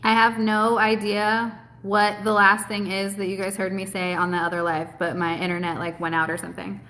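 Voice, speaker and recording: A woman's voice: mid-range voice, level tone, normal speed, bright, forceful tone. A woman hosting a live stream from home, chatting casually and cursing freely while she eats and answers viewer questions. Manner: blunt, cheerful and heavily profane; talks with her mouth full while eating. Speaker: host of a live keto Q&A stream.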